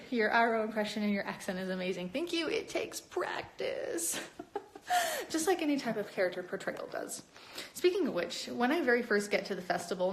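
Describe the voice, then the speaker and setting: A young adult woman chatting casually on a live stream, talking with viewers in an animated, lively way. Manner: chatty and animated, with many upward pitch jumps. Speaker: cosplayer hosting a live stream.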